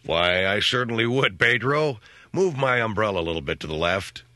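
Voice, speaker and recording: A man's voice: fairly low pitch, animated, normal speed, pushed and bright, dry recording, pitched below the performer's own voice. A man voicing a pampered, wealthy male resort guest who talks in a haughty drawl. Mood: lordly.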